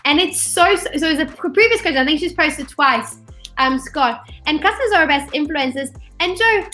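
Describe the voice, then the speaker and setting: Chatty webinar host, woman, high voice, acts out quotes, video call mic. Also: lively intonation, moderate pace, pushed and bright, soft background music. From not from Australia; studied there. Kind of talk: casual webinar talk.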